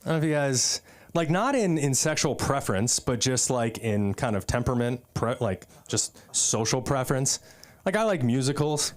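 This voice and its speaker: A man's voice: mid-range voice, lively intonation, moderate pace. A man from the US East Coast doing a stand-up set at an open mic, talking in a loose, rambling way full of fillers and asides. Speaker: stand-up comedian. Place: comedy club stage.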